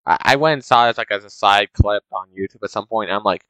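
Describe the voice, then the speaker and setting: A man's voice: fairly low pitch, fast talker, few pauses, fairly bright tone, no room sound, poor audio. A man in a casual, rambling monologue, complaining in an exasperated way to his chat as a streamer.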